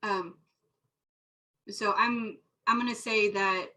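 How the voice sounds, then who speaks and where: A woman's voice: medium pitch, fairly even intonation, slow pace, sharp tone, low-quality recording. A woman player in a tabletop roleplaying game, talking casually and correcting herself as she goes. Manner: rambling, self-correcting. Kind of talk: casual tabletop play chat.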